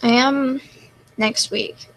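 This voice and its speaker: A young woman streaming live, reading chat comments aloud and answering in a deadpan, self-mocking way. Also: fairly high pitch, extremely slow, slight background noise, rough recording.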